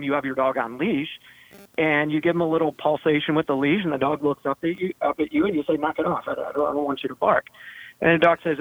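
A man's voice: fairly high pitch, no room sound. A man who trains dogs, explaining step by step in a casual podcast chat. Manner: explanatory, breaks ideas down step by step. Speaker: podcast host, dog trainer. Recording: tinny phone-like line.

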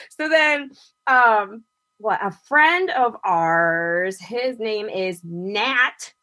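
A woman spinning a long, funny story in casual conversation, her bright and slightly breathy voice swinging high and low as she plays out each person's lines. She laughs her way through the telling. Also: slow pace. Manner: animated, acts out quotes with big pitch jumps, laughs often.

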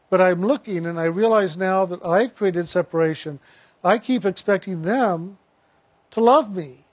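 A man's voice: high-pitched, no room sound. A man voicing his former boss, a demanding business owner who is proud and frustrated, speaking in blunt, exasperated questions.

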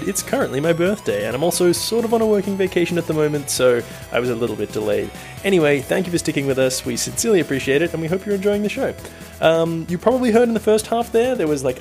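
A man narrating a tabletop game as dungeon master and podcast host, relaxed and chatty with fillers. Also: fairly high pitch, creaky.

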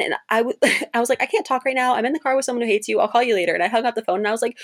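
Lively young woman telling a story. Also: very fast. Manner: animated, laughing storyteller, pitch jumps for quoted voices. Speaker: interview guest, cosplayer. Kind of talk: casual storytelling interview.

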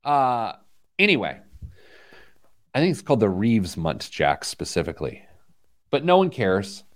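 A man hosting a talk show, telling a story with lively energy and playful asides. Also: lowish voice, a little slow. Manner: animated storytelling, mimics voices with laughter. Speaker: podcast host. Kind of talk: casual chat.

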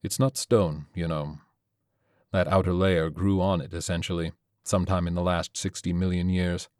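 A man voicing a secretive male scientist who speaks in a measured, quiet, explanatory way. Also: low-pitched, level tone, no room sound, clean studio sound, close to an everyday voice. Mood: calm.

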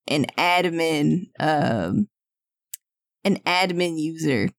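Gravelly-voiced woman playing a tabletop game. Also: low-pitched, very slow. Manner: thinks aloud, laughing, stumbling restarts. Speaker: player. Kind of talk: casual tabletop role-play chat.

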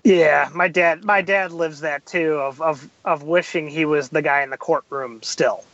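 A man's voice: a little high, measured pace, dry recording, dull audio. A man guest on a podcast, chatting casually and acting out quotes as he tells stories. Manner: animated storyteller, acts out quotes.

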